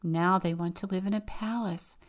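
A woman's voice: fairly low pitch, fairly even intonation, normal speed, lightly acted. A woman voicing a sad, dutiful peasant girl who speaks in a pleading, distressed way.

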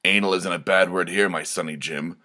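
A man voicing a gruff little male forest troll. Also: deep voice, steady tone, a little fast, sharp tone.

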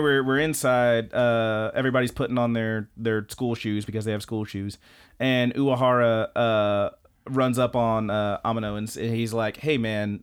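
Smooth and medium in pitch, this anime podcast co-host chats casually, drifting through long-winded anecdotes. Profanity comes often, and he performs other people's lines as he quotes them.

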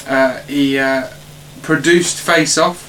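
A man hosting a casual film podcast, reading out facts in a halting way with many fillers. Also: mid-range voice, fairly even intonation, a bit bright, slight background noise, rough recording. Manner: halting, filler-heavy delivery. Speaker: podcast host.

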